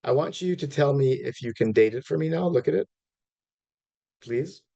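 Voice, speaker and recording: A man's voice: mid-range voice, lively intonation, normal speed, gravelly, warm tone, lo-fi sound. A middle-aged man lecturing an audience in a chatty way, with many fillers and restarts and asides to his listeners. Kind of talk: informal lecture.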